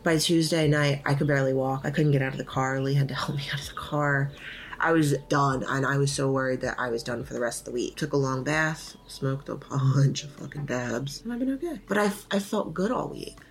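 A woman's voice: extremely low pitch, fairly quick, vocal fry, slight background noise. A woman in her thirties co-hosting a casual podcast, telling a story, acting out quotes and swearing freely. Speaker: podcast co-host. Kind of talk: casual chat.

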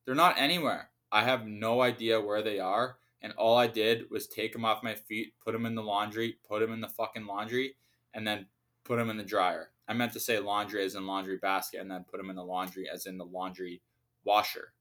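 A man's voice: on the low side, little pitch movement, brisk, fairly bright tone. A young adult man hosting a casual solo podcast, ranting with heavy profanity and sarcasm. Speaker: podcast host.

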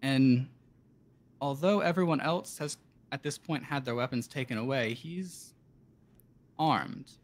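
A man narrating as game master of a tabletop game, in loose, halting speech full of fillers. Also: mid-range voice.

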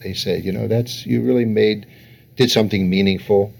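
Gravelly older man telling stories. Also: lowish voice, steady tone, moderate pace, a little mellow. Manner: storytelling, voices others in quotes with lots of laughter. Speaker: guest therapist. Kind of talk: interview answers.

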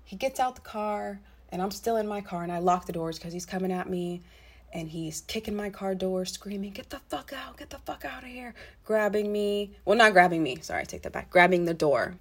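A woman's voice: on the low side, fairly quick. A young woman casually telling a story from her own life. She swears freely and keeps adding asides as she talks. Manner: blunt and profane, swearing freely; animated retelling with frequent asides. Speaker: storytelling vlogger.

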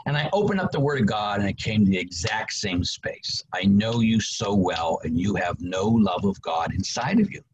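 A man's voice: moderate pace, few pauses, highs cut off, a little hiss or hum. A man in his sixties, a priest, telling his story in an interview and acting out quotes with big jumps in voice. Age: 60s. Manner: animated preacher, acts out quotes with big pitch jumps.

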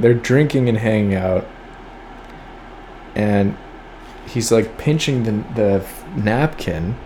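Man, low voice, casual reading with wry asides, faint background hum. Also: dark tone. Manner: reads lines aloud then riffs with wry, profane asides; spells out words letter by letter while looking them up. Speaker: podcast host reading poems.

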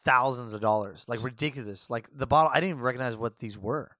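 A man's voice: mid-range voice, quick pace, bright, forceful tone, no echo, clean studio sound. A man hosting a podcast, telling a story casually and with animation, often repeating and restarting phrases. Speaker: podcast host, barber.

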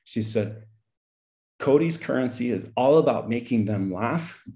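A man's voice: medium pitch, lively intonation, unhurried, dark tone. A middle-aged man, a former school principal, telling a story in conversation, acting out the dialogue and often laughing. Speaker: podcast guest, school principal.

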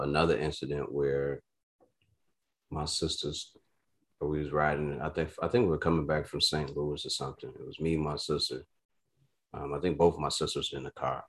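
A man from Chicago telling stories in a casual, profane way, growing heated as he goes. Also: a bass voice. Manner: profane, animated storyteller who grows heated. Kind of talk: casual storytelling chat.

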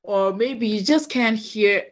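A woman from Ghana, a podcast guest, telling a personal story in an animated way and acting out the voices of the people in it. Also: mid-range voice, slow. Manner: animated storyteller who acts out quoted voices.

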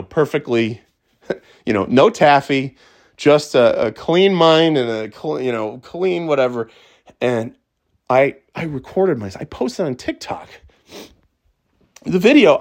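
A middle-aged man talking casually as a podcast host, excitable and stumbling over restarts, swearing freely. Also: fairly high pitch, measured pace, vocal fry. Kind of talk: casual monologue.

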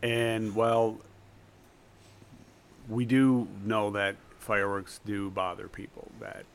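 A man chatting as a podcast guest, measured and thoughtful, with frequent ums. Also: fairly low pitch, level tone, vocal fry, clear, resonant tone. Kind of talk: casual podcast chat.

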